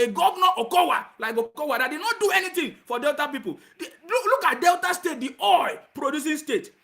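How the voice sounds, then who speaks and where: A man's voice: very high-pitched, lively intonation, brisk, hardly any pauses. A man with a Nigerian accent hosting a heated call-in radio show, angrily scolding and insulting callers. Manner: angry, insulting, shouting at callers.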